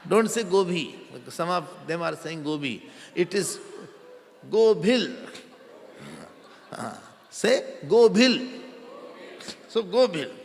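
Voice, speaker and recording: A male spiritual teacher telling a story to an audience, often quizzing them and repeating names, sometimes chanting verses slowly. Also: sits high, animated. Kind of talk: storytelling discourse. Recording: long hall reverb.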